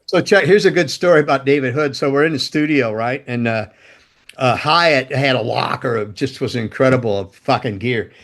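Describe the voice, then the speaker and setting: Speaking at a moderate pace with a fairly bright, medium-pitched voice, an ex-roadie and guitar tech shares casual anecdotes as a guest. He curses freely, laughs as he goes, and performs other people's lines.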